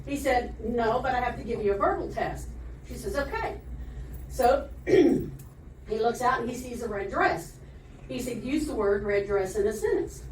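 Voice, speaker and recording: A woman's voice: fairly high pitch, normal speed, darkish tone, far from the mic, slight background noise. A woman telling jokes at an open mic comedy night, rambling and laughing at her own punchlines. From Florida, USA. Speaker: stand-up comedian. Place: comedy club stage. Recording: echoey room recorded from afar.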